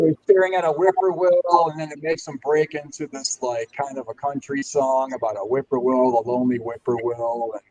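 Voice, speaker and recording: Dude just chattin about a comic, rambly, keeps laughin, normal middle voice. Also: male voice, medium pitch, fairly even intonation, fairly quick, few pauses, a little mellow, rough recording. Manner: rambling, chuckling, filler-heavy storytelling. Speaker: guest. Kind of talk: casual chat, recounting a comic's plot.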